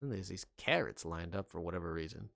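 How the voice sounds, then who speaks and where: A man's voice: sits low, lively intonation, quick pace, gravelly, very noisy. A man streaming a video game, chatting wryly with viewers between lines. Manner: chatty, wry, talks to chat. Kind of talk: casual game commentary. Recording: loud game music behind.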